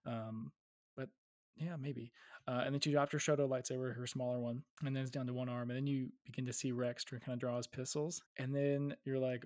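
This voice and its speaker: Man, relaxed agreeable fan chat, joking, dry close recording. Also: mid-range voice, brisk, no room sound. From United States. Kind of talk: casual fan discussion.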